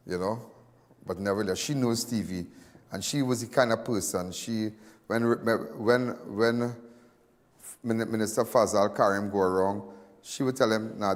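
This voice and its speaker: A man's voice: on the low side, long reverb tail. Rambling Trinidadian man hosting live. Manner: rambling and repetitive, in local dialect. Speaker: host of a crime news show. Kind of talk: emotional live commentary.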